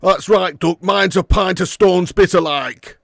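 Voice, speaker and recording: A man putting on a broad Yorkshire accent as a loud, gleeful northern football pundit. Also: sits high, unhurried, gravelly, dry recording, clean studio sound, pitched above the performer's own voice, heavily acted. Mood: jolly. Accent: Yorkshire (put on). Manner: exaggerated broad northern drawl, shouty. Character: gruff northern English male football pundit, boozy pub type.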